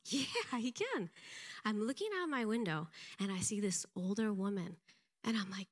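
A middle-aged woman giving an animated, self-deprecating church testimony, laughing often. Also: medium pitch, moderate pace. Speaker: pastor's wife giving a testimony.

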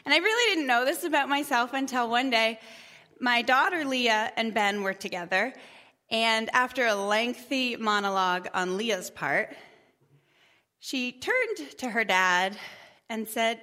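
Bright-voiced woman telling a parable. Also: on the high side, lively intonation, unhurried. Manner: chatty, warm storyteller with gentle humor. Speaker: speaker at a church gathering. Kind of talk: storytelling talk.

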